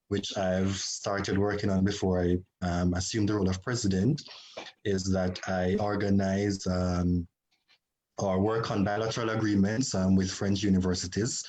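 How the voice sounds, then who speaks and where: A man from Jamaica, president of an expatriate association, introducing himself in a measured, explanatory way on an online panel over a video call. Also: fairly low pitch, a little mellow, low-quality recording.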